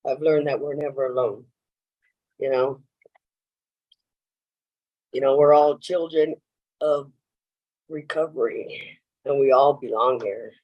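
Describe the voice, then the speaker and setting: A woman's voice: rumbling low, steady tone, slow pace, pauses often, highs cut off. A woman speaking at a recovery meeting, telling her story in a rambling way with lots of "you know" and acting out what people said. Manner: acts out quoted lines in her stories. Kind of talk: personal share at a meeting. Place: meeting room.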